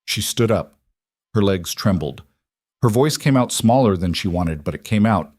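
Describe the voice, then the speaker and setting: Man, dramatic scripted narration, deep voice, dry recording. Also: expressive, moderate pace, darkish tone, no room sound. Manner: dramatic, suspenseful storytelling.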